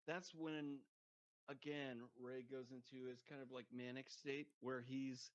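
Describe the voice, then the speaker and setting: A man's voice: mid-range voice, flat delivery, measured pace, muffled recording. A man chatting about a film on a podcast, rambling with lots of "like" and frequent laughter. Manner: rambling, laughs often, heavy use of "like". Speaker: podcast guest. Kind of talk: casual movie discussion.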